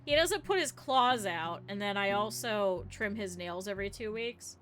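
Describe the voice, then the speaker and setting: A woman's voice: medium pitch, animated, moderate pace, a bit bright. A woman live-streaming from home, chatting and giggling with her viewers and her cat. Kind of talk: casual live-stream chat. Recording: game music in the background. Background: game music.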